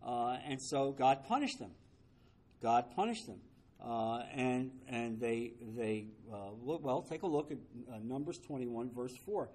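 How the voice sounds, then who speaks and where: A man's voice: mid-range voice, animated, a little slow, a little mellow. A man leading a Bible study, speaking emphatically, repeating key phrases and asking rhetorical questions, with the odd wry aside.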